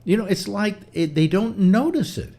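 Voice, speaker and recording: An older man hosts a relaxed talk show, his voice rising and falling freely as he swaps stories. His delivery is chatty and animated. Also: sits high, normal speed. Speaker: host. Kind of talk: casual chat.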